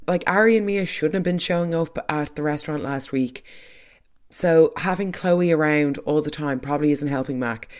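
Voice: medium pitch, moderate pace. Podcaster chatting away about a soap, opinionated, lots of trailing asides. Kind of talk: casual recap of a soap episode.

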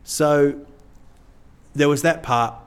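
A man's voice: on the high side, takes it slowly, clean tone. Rambling middle-aged male comedian. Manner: rambling, self-deprecating, many "you know"s. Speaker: stand-up comedian, guest. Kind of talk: casual interview chat.

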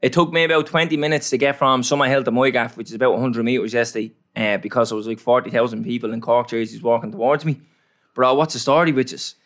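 A man's voice: mid-range voice, steady tone, fast talker, fairly bright tone. A young Irish man hosting a podcast, telling stories casually, swearing freely and bantering. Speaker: podcast host. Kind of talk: casual chat, storytelling.

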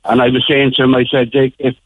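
An Irish man talks over a tinny phone line, chatty and full of "you know" fillers. He jokes easily as a caller, his middle-pitched voice thin and squeezed by the line. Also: flat delivery, quick pace, no echo. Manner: chatty, joking, many fillers. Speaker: caller abroad. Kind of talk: casual phone chat.

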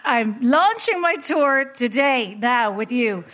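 A woman's voice: on the high side, animated, takes it slowly, heavy background noise. A middle-aged Irish woman comedian chatting as a guest, telling wry stories and laughing through them. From Ireland. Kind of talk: casual chat with storytelling.

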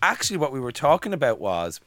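A man co-hosts a casual podcast with a playful, joking manner. His pitch leaps all over the place as he teases and reacts. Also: very animated, fast, a bit bright, no room sound. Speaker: podcast co-host. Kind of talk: casual chat.

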